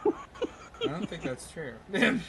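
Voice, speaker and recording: A man running a tabletop game as game master, halting with many ums and uhs and often laughing. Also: high-pitched, wildly swooping pitch, gravelly, crowd noise.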